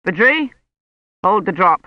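A man's voice: sits high, sing-song, a little slow, dry recording. Stern anxious man, voiced by a narrator, firm, clipped, dry, muffled recording. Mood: urgent. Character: anxious, stern man searching a snowy forest.

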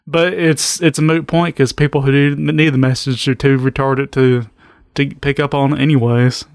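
A man's voice: mid-range voice, little pitch movement, normal speed, clean tone, no echo, clean studio sound. A man co-hosting a casual podcast chat, talking in a blunt, profane, easygoing way. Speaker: podcast co-host.

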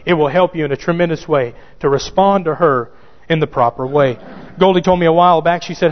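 Emphatic preacher with a high voice. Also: male voice, brisk, hardly any pauses. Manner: emphatic, repeats key phrases, addresses listeners directly. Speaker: pastor. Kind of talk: sermon. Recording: dull church recording with long reverb.

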